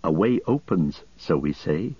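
A man voicing a soft-spoken, resolute young male rider who talks in a hushed voice. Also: deep voice, lively intonation, a little slow, slightly rough, dry recording, highs cut off, full character voice.

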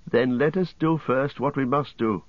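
A man's voice: mid-range voice, normal speed, no echo, highs cut off, voice pushed up, natural voice. A man voicing a grieving male elf archer, speaking in an earnest, solemn way. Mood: resolute.

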